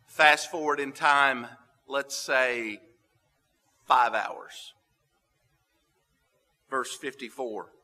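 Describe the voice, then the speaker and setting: A man preaching a sermon, reading scripture aloud and explaining it with dramatic pauses. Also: mid-range voice, sharp tone. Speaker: pastor. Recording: long hall reverb.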